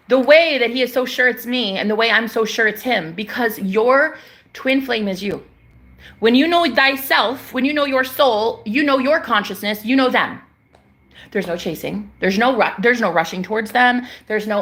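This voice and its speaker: A woman's voice: a little high, expressive, moderate pace, fairly bright tone. A young woman talking to her followers as a psychic vlogger, emphatic and slangy, swearing freely as she preaches about spiritual matters. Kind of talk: casual spiritual vlog monologue.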